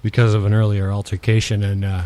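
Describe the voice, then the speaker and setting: Man, podcast co-host, casual chat, relaxed, somewhat low pitch. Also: fast talker. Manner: relaxed, laughs often, asks short questions.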